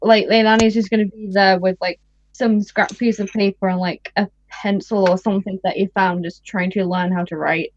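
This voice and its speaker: A woman's voice: mid-range voice, level tone, normal speed. Woman player, casual and giggly, slightly muffled dull recording. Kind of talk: casual chat at a game table.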